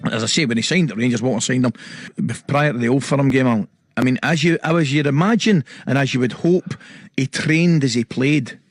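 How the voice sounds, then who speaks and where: A man, a former footballer telling an anecdote with animated delivery and laughter in his voice. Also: mid-range voice, brisk, no room sound. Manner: animated, acts out quoted voices, laughs through punchlines. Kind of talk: anecdotal storytelling.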